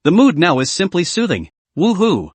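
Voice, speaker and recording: Male narrator, scripted comic recap, slightly high voice, clipped stat-reading delivery. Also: sing-song, moderate pace, no echo. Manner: reads out stat lists in short clipped phrases.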